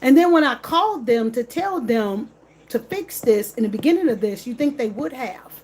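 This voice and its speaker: Animated high-voiced woman ranting. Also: normal speed, husky. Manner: animated, repetitive, emphatic, slangy. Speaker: vlogger. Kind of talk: casual direct-to-camera rant.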